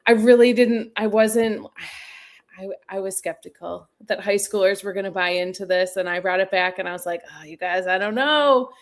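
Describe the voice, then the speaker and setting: Woman, 30s, school counselor guest; chatty, quick to laugh, mid-pitched; video-call audio. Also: little pitch movement. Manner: chatty, laughs easily, restarts sentences. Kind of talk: live webinar interview.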